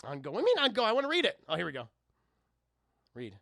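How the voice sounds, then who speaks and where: Gravelly, giggly male streamer. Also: high-pitched, huge pitch swings, quick pace, sharp tone, dry recording, studio quality. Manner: giggly, swearing, talking to chat. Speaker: livestream host. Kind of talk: casual livestream chat.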